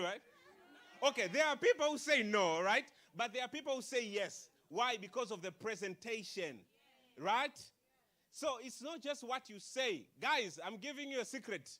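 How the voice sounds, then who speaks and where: A man giving an energetic motivational speech to young people, calling out to the crowd and asking it questions. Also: high-pitched. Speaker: motivational speaker. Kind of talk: live speech to a youth audience. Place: conference hall.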